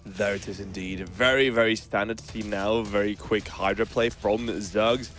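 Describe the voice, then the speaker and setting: A man commentating a strategy game as a caster, easygoing and quick to laugh with his co-caster. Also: fairly low pitch, steady tone, a bit bright, soft background music. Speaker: esports caster.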